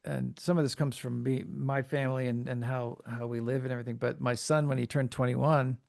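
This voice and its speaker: A man hosting a podcast, chatting casually in a relaxed way and laughing easily while telling a story. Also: mid-range voice, a little fast, creaky. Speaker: podcast host. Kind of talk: casual chat.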